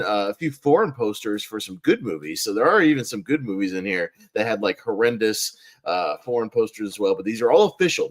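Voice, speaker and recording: A man hosting a casual live-stream panel chat, rambling and filling pauses with "uh". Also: fairly low pitch. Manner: rambling, heavy with "uh" fillers. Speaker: host.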